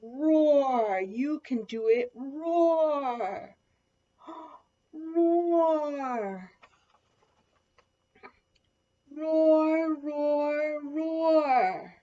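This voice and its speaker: A woman voicing a small helpful mouse in a storybook, bright and encouraging. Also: high voice, very slow, pitched above the performer's own voice. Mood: cheering. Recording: lo-fi dull sound.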